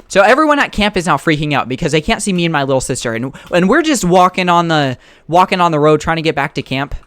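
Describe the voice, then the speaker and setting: A man's voice: a little high, a bit bright, dry recording. A young man casually telling a rambling story while playing a game and reacting to it. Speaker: gaming storyteller. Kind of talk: casual storytime over gameplay.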